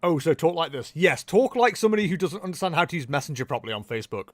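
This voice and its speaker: A man's voice: fairly high pitch, expressive, very fast, no echo. A man casually chatting to his stream from home, teasing his viewers with playful mock outrage. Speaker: livestream tournament commentator.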